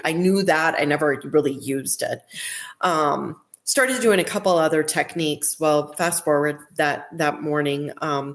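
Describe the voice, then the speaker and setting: A woman who is a neonatal nurse practitioner, telling stories in a podcast interview, retelling past talk and often restarting her sentences. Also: sits low. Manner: recounts events with quoted dialogue and restarts. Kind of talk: conversational interview storytelling.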